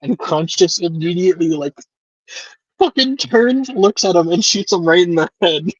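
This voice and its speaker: A man's voice: high-pitched, animated, moderate pace, slightly rough, no room sound. A man telling a story in laid-back casual chat. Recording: dull lo-fi mic.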